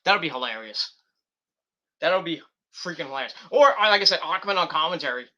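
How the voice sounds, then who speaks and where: A man's voice: a little high, animated, fairly quick, sharp tone, muffled recording. A man reviewing a wrestling show in a loose, rambling way, giggling and restarting his sentences. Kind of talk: rambling casual commentary.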